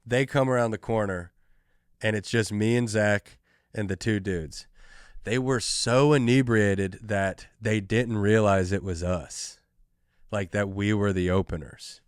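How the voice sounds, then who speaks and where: A young adult man, a comedian hosting his own podcast, telling a story in a casual, animated way with lots of filler words. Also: on the low side, clear, resonant tone, dry recording, clean studio sound. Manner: animated, fast, full of "like" and "dude".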